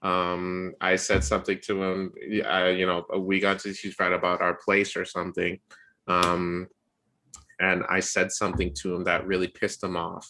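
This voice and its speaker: Young male podcast co-host, bright low voice, animated storyteller who acts out quotes. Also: normal speed. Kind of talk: casual storytelling chat.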